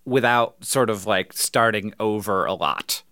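A man's voice: lowish voice, a little slow, sharp tone, dry recording. Chatty man with dry close sound. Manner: rambling, filler-heavy, laughs often. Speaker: podcast co-host. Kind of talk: casual chat and ad reads.

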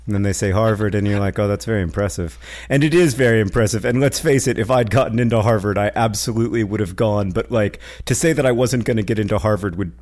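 A man's voice: lowish voice, fast, hardly any pauses. A man co-hosting a podcast, chatting casually with his brother and reading listener questions in a wry, joking way. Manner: joking, wry, animated storytelling. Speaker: podcast co-host.

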